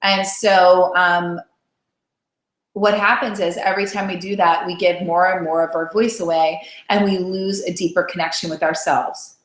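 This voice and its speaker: With a fairly low pitch and a flat delivery, a woman weight-loss coach moves at a moderate pace through a motivational live call. She keeps things chatty and supportive, punctuating her talk with "right?". The audio picks up a roomy echo.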